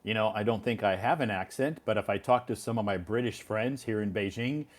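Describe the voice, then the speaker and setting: A man's voice: fairly low pitch, fairly quick. An American man hosting a casual live stream, talking in a rambling way with many fillers. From United States. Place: home in Beijing.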